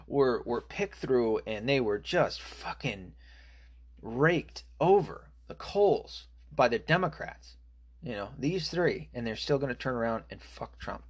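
A man's voice: medium pitch, husky. A man delivering an angry, profane political rant, full of fillers and restarts. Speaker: political commentator.

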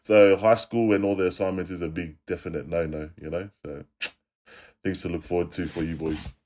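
A middle-aged man with a very low, deep voice, chatting on a podcast. He sounds laid-back and reflective, with plenty of easy fillers between his thoughts. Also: fairly even intonation, fairly quick, a little mellow. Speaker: podcast co-host. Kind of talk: casual chat.

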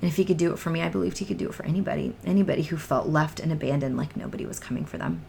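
A woman telling her own story as a guest in an emotional, earnest way, sometimes sinking into soft near-whispers. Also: deep voice, very fast, gravelly, slight background noise. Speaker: guest sharing her testimony. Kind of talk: emotional personal testimony in a podcast chat.

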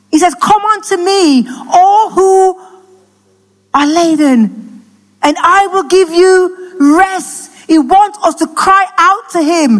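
High-voiced passionate woman preaching. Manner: passionate, rising to shouts. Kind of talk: sermon. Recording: echoey hall.

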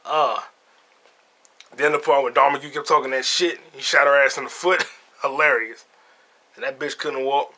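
A man's voice: medium pitch, steady tone, moderate pace, pauses often, sharp tone. A man hosting a podcast, retelling movie scenes in a casual, profane way and laughing as he goes. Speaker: podcast host. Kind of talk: casual solo movie review.

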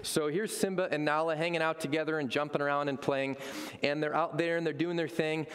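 A man's voice: a little high, a little fast, big-room sound. A man preaching a sermon as a pastor, telling stories with energy and acting out voices. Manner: animated storytelling, acts out voices.

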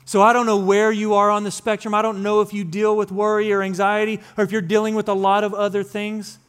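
A man in his thirties preaching a sermon as pastor, moving between hushed, intimate passages and loud, urgent ones in a repetitive preaching cadence. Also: high voice, completely flat delivery, a little fast, clean tone.

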